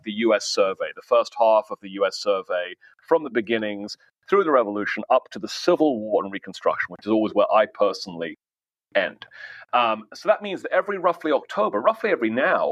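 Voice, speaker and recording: Low-voiced British man, dry close sound. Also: a bit bright, dry recording, highs cut off. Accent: British, softened by years in the US. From Britain. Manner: chatty and self-deprecating, with many fillers. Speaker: guest historian. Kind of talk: casual podcast conversation.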